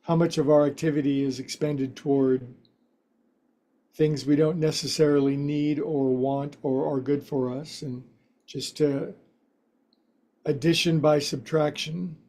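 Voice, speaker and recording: Male yoga instructor, warm mellow tone, slightly higher voice, joking folksy delivery. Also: steady tone. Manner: playful, folksy quips between slow cues. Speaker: yoga teacher. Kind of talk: guided yoga class instruction.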